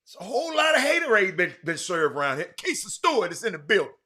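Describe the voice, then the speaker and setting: A man hosting a sports talk show, speaking emphatically, swinging between loud outbursts and low asides. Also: very animated, fast. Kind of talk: animated sports talk commentary.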